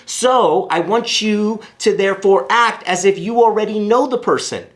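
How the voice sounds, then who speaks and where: A man's voice: high-pitched, normal speed. A man giving a sales lesson straight to his viewers. He talks in short, punchy bursts and leans hard on each point, coming back to it again and again. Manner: emphatic, punchy, repeats key points. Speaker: sales coach. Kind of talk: coaching talk to camera.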